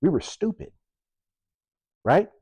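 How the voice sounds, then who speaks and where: A man's voice: slow pace, dry recording. Police officer guy ranting hard about politics, sarcastic, dry close sound. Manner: forceful, punchy rhetorical questions, sarcastic. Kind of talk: impassioned political commentary.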